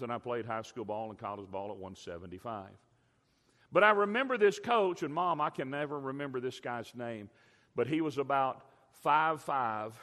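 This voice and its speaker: Casting: middle-aged male preacher, animated storyteller, bright clear tone, recorded in a big echoing sanctuary. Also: medium pitch. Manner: animated storytelling, emphatic swings in loudness. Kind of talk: sermon. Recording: long reverb of a large hall.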